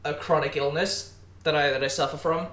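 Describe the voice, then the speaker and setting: Animated young guy, bright tense tone, echoey room, casual podcast chatter. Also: on the high side, brisk. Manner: animated, swearing, loud bursts of laughter. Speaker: podcast guest. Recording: roomy echo.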